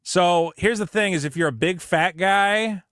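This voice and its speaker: High, bright-voiced man reading chats. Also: measured pace, smooth, no echo, studio quality. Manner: loud, animated storytelling with put-on panicked voices. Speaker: podcast co-host reading super chats. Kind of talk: casual comedic podcast banter.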